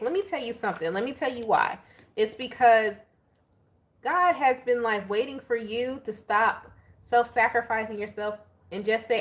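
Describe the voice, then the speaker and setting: A woman giving a casual tarot reading to her viewers, chatty and animated, with slangy asides. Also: on the high side, moderate pace. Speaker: tarot reader.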